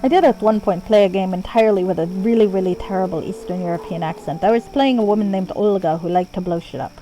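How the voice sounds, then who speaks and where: A woman's voice: mid-range voice, fast talker, warm tone, a little hiss or hum, low-quality recording. A woman streaming a game from home, casual and self-deprecating, swearing when the game annoys her. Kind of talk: casual live-stream commentary.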